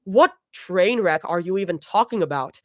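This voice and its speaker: A woman's voice: fairly low pitch, lively intonation, normal speed, no echo, studio quality, close to an everyday voice. A woman reading a fan story aloud, voicing an exasperated, snarky young woman.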